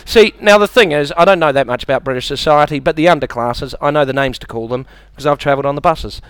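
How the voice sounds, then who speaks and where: High-voiced New Zealand comedian, crisp. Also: male voice, fast talker, a bit bright, no room sound. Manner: chatty, self-mocking, bursts into high silly impressions. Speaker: stand-up comedian. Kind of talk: stand-up comedy set.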